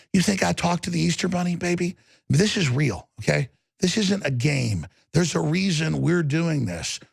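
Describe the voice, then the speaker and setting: Intense, rambling male host with a gravelly, fairly high voice. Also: no echo. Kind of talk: ranting talk show monologue.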